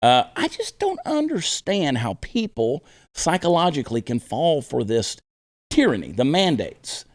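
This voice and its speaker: A man hosting a casual political talk show, sarcastic and animated, often mocking others in put-on voices. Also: on the high side, measured pace.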